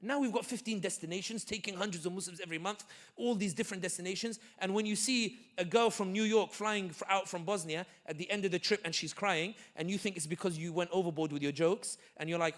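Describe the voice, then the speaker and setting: A man giving an animated, joking community talk full of stories and quick asides. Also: sits high. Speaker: guest speaker. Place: community center hall.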